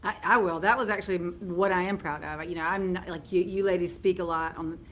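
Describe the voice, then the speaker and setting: A woman's voice: on the low side, fairly even intonation, fast talker, fairly bright tone, a little hiss or hum. A woman with a Georgia accent, a podcast guest chatting in an eager, friendly way. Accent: Georgia, US South. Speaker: funeral home owner, guest. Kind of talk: casual podcast chat.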